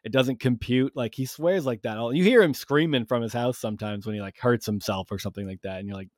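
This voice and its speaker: A man's voice: mid-range voice, quick pace, no room sound, studio quality. A male podcast host telling a casual, rambling story with plenty of swearing and self-mocking jokes.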